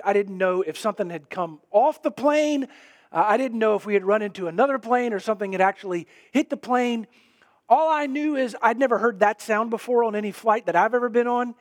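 A middle-aged man preaching a sermon, telling a story earnestly and swinging from emphatic lines to hushed ones. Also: high-pitched. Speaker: pastor.

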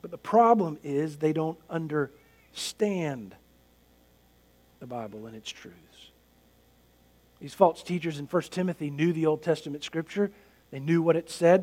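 A man's voice: sits high, darkish tone. A male pastor preaching a sermon in an earnest, emphatic way, building points through repetition.

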